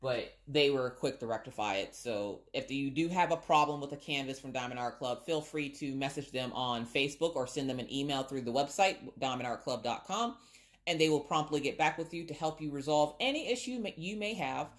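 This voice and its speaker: A woman's voice: extremely low pitch, a little fast. A woman vlogger, chatting casually and expressively to viewers while unboxing craft kits.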